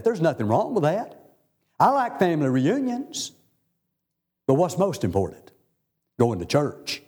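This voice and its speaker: A man's voice: mellow, breathy edge. A man preaching a sermon, telling Bible stories in a folksy way. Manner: folksy storytelling preacher, swinging pitch for emphasis.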